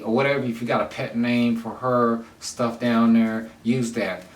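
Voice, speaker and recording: A man talks casually to camera in a mid-pitched voice, loose and rambling, leaning on fillers and repeating himself. He sits back from the mic in an echoey room. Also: steady tone, normal speed, hardly any pauses, recorded from a distance. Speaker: vlogger giving dating advice. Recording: roomy sound from away from the mic.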